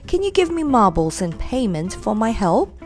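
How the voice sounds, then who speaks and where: A woman's voice: a little high, very animated, moderate pace, faint music behind. A woman voicing a mischievous male goblin who bargains with a grin. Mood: sly. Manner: cheeky, grinning.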